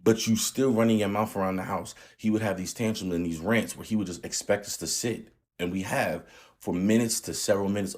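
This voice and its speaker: A man's voice: deep voice, husky. A man in his thirties candidly retelling a family story in a casual, slangy vlog. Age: 30s. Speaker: channel host.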